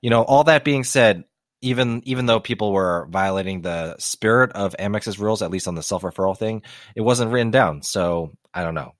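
A man's voice: low-pitched, fairly bright tone, no echo, clean studio sound. A man co-hosting a podcast, chatting casually with wry, joking asides. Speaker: podcast co-host. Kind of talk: casual chat.

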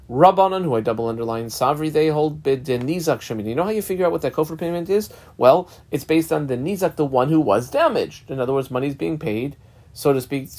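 A man's voice: mid-range voice, a little mellow. Casual man teaching Talmud. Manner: reads the text aloud, then explains it in a casual, conversational way. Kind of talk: daf yomi Talmud lesson.

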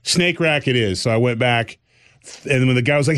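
A middle-aged podcast co-host tells a story in casual chat, acting out other people's voices. His mid-range voice is brisk, and the recording is dry and studio-quality.

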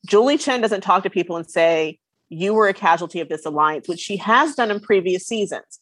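A woman's voice: mid-range voice, expressive, fairly quick, a bit bright, no room sound. A woman chatting on a podcast panel, restarting her sentences as she searches for words. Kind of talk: casual podcast chat.

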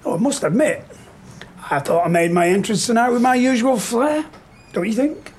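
A man playing a calm, preachy clown who is secretly a guardian angel, in a live stage play performed in a pub. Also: very high voice, moderate pace, slightly rough. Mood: teasing. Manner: calm, preachy, gently teasing.

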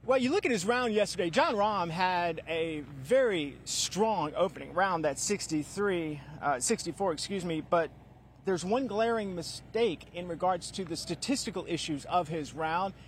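A man with a high voice reports live from the golf course. He moves briskly through stats and answers teasing with dry jokes. A faint outdoor ambience hangs behind him. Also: animated, a little hiss or hum. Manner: stat-heavy, brisk, dry joking.

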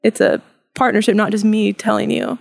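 A woman's voice: mid-range voice, little pitch movement, moderate pace, creaky, darkish tone. A woman mentor speaking earnestly and directly in a casual talk about teaching kids. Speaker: podcast guest and youth mentor. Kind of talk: casual discussion.

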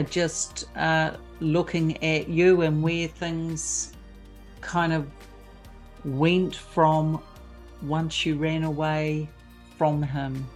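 A woman host speaks slowly in a flat, even tone, introducing her guest and asking questions. Faint music plays behind her. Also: sits low. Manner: measured, even, warm welcoming phrasing with fillers. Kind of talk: interview introduction.

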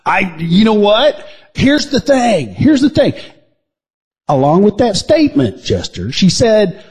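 A man's voice: high voice, very animated, unhurried, a little mellow, husky. A man co-hosting a crude comedy news podcast, rambling and teasing with mock outrage. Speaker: podcast co-host.

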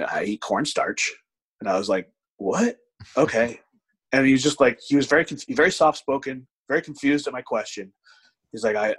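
A man in his thirties with a husky, mid-pitched voice tells a long story in casual chat. He swears freely and acts out what each person said. He keeps a loose, animated rhythm. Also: low-quality recording. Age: 30s. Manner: animated storyteller, frequent profanity, acts out quotes.

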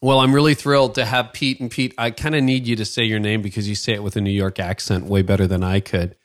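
A man's voice: on the low side, fairly even intonation, fast talker, no room sound, studio quality. A middle-aged Canadian man hosting a leadership podcast, reading ads and interviewing a guest with enthusiastic, conversational energy. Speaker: podcast host. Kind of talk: ad reads and interview.

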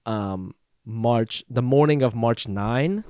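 A man's voice: medium pitch, slow pace, smooth, no room sound. A male comedian on a casual podcast, swearing and mocking himself, with lots of 'like' fillers. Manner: lively, swearing, self-mocking, fond of 'like'.

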